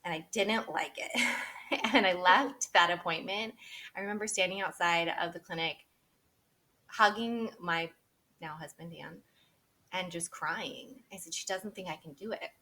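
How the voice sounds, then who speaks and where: A woman's voice: on the low side, a little slow, long pauses, bright, forceful tone. A woman in her thirties, a podcast interview guest, telling her personal story candidly and with feeling, laughing often and quoting what she and others said.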